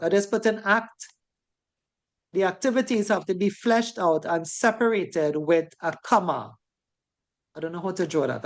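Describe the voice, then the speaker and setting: Teaching a safety course in a chatty lecture style, this woman from the Caribbean speaks with a Caribbean English accent in a voice on the low side. "Right?" caps off many of her sentences.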